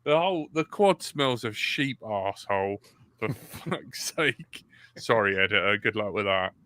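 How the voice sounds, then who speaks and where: Male co-host, bright smooth voice, sweary ranting, dry close mic. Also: lowish voice, animated, measured pace, no echo. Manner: sweary, ranting, self-mocking. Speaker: podcast co-host. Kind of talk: casual chat.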